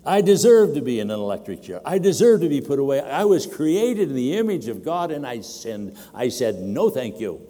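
An older man preaching a sermon at a conference, getting animated as he acts out a demanding baby in a raised voice. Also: medium pitch, moderate pace, hardly any pauses, big-room sound. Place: large conference hall.

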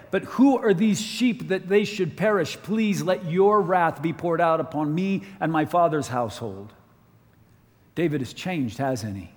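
A man preaching a sermon at a conference, emphatic, slowing down and lifting his voice to drive points home. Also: a little high, darkish tone. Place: large conference hall. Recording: long hall reverb.

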